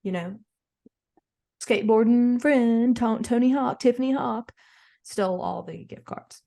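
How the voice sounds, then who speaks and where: A woman playing a frazzled, gossipy, well-off mom who hosts an improvised comedy podcast and rambles through animated stories with acted-out quotes. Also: fairly high pitch, a little slow, gravelly. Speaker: podcast host character.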